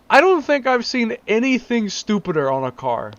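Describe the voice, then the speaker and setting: A man's voice: very high voice, big pitch swings, moderate pace, fairly bright tone. A man in a casual vlog, ranting in exasperated disbelief, repeating himself and laughing. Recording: dull lo-fi recording.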